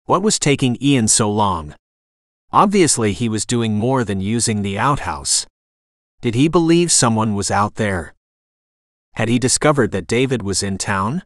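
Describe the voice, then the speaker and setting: A man reading a romantic suspense novel aloud as an audiobook narrator, in a steady, even storytelling manner. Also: lowish voice, no echo, studio quality. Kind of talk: scripted narration.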